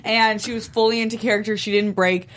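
A woman co-hosting a casual chat, animated and quick to laugh. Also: on the high side. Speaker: podcast co-host. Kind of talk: casual chat reviewing a comedy show.

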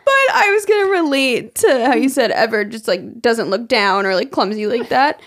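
Giggly young woman cohost, really high voice, laughs through her stories, casual. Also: animated, moderate pace, fairly bright tone. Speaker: podcast co-host. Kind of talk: casual chat.

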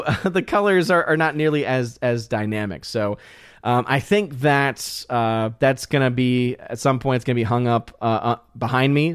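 A man's voice: mid-range voice, clear, resonant tone, no echo, studio quality. A man hosting his channel, chatting casually and reading viewer comments on a live stream, loose and full of fillers and restarts. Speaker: channel host.

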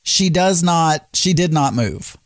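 A man's voice: fairly high pitch, animated, slow, no echo, studio quality. Easygoing podcast co-host, man. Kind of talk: casual podcast chat.

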